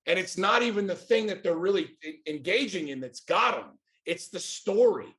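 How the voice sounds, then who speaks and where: A man's voice: sits high, animated, moderate pace, few pauses, a bit bright. A man in his forties from the United States, a podcast guest talking in a blunt, emphatic, profane way. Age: 40s. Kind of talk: casual chat.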